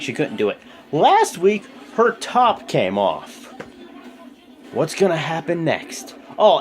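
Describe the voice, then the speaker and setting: A young man giving a rambling, casual video recap of a wrestling show at home, full of fillers. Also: mid-range voice. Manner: rambling, animated, lots of fillers. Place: home room with a TV.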